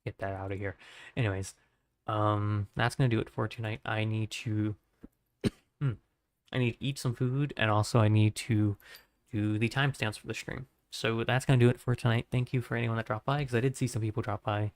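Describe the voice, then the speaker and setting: A man's voice: fairly low pitch, steady tone, a little fast. A man streaming his art session, chatting loosely with lots of fillers and signing off to viewers, his voice strained and tired. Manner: rambling, filler-heavy, friendly. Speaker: art livestreamer. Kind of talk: casual stream sign-off chat.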